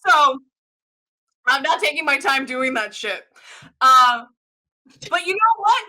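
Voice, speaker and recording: A woman giving a profane, excitable comedic rant as a guest on an improv show. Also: high voice. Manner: profane, excitable, fast-swinging delivery.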